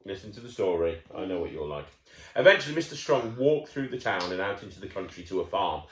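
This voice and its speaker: A man reads a picture book aloud to a young listener, his voice bouncing up and down with lively intonation. He is playful and chatty, stopping for asides. The sound is roomy and echoey. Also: low-pitched, quick pace, a little hiss or hum. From United Kingdom. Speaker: children's storyteller. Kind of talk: reading a picture book to a child.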